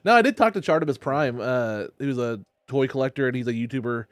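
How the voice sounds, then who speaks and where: A man's voice: mid-range voice, fast, no room sound. A man hosting a casual podcast chat, swearing freely and laughing often. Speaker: podcast host.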